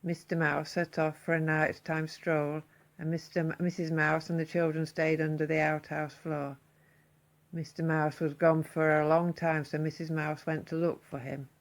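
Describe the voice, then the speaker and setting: A woman reading a children's story aloud, expressive and slowing down for emphasis. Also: low-pitched.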